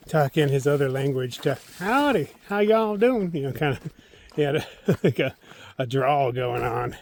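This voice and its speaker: A man vlogging outdoors on a mountain trail during a solo thru-hike, chatting casually to himself and his viewers in a relaxed way. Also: medium pitch, creaky, slight background noise. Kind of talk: casual vlog narration while hiking.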